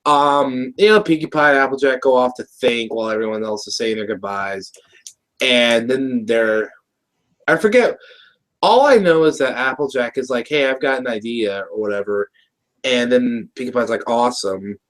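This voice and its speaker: A man's voice: medium pitch, animated, moderate pace, fairly bright tone. A man co-hosting a casual review show, recapping an episode in a rambling way with lots of restarts and laughs. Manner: rambling, many restarts, laughs while talking. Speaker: show co-host.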